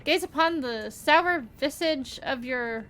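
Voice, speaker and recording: A woman's voice: sits high, slow, a bit bright. A woman voicing a boastful, scheming male rancher in a put-on rural Southern drawl, full of folksy theatrics. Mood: gloating.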